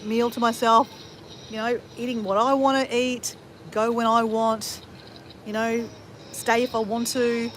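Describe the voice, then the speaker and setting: A woman's voice: a little high, slight background noise. Chatty fifty-year-old woman vlogger. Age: 50s. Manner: chatty, rambling, with frequent swearing and fillers. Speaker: travel vlogger. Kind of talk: casual livestream chat answering viewers.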